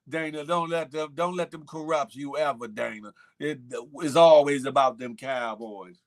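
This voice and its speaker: Here a morning show host, a man with a slightly high and fairly bright voice, responds to his livestream chat in a relaxed way. He repeats lines to stress them.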